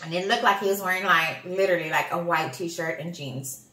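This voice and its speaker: A woman from Texas in her forties, co-hosting a family channel and telling a ghost story in casual chat, animated and repeating herself. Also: on the low side, a little fast. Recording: echoey room.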